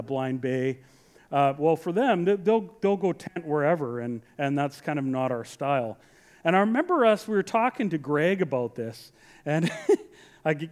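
A man's voice: a little high, a little mellow, clear, resonant tone. A middle-aged man preaching a sermon in a chatty way, full of restarts and rhetorical questions. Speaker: pastor.

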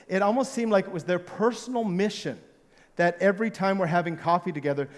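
A male pastor with a notably high voice preaches to a live congregation, his words ringing through a long hall reverb. He tells stories with a playful, joking manner and gets the room to join in. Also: a little mellow. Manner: playful, jokey storytelling. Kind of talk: sermon with audience participation.

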